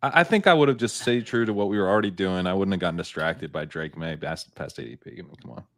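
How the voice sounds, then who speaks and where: A man's voice: sits low, quick pace, a bit bright. A man guesting on a casual podcast, easygoing, laughing often and making dry asides. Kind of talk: casual podcast chat during a fantasy football draft.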